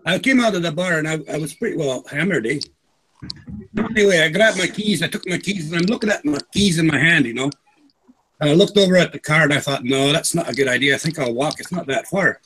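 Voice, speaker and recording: A man's voice: fairly high pitch, fast, a bit bright, slight background noise, poor audio. A man telling a short folksy anecdote in a casual group chat. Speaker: chat participant. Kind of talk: casual storytelling.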